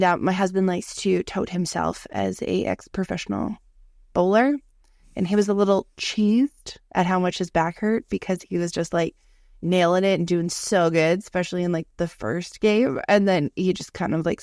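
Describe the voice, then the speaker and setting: A woman in her thirties tells stories in a loose, chatty podcast conversation, often quoting herself. Her voice has a gravelly edge. The sound is dry and close, with little room in it. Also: on the low side, no echo. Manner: chatty storyteller with quoted asides and laughs. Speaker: podcast co-host. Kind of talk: casual chat.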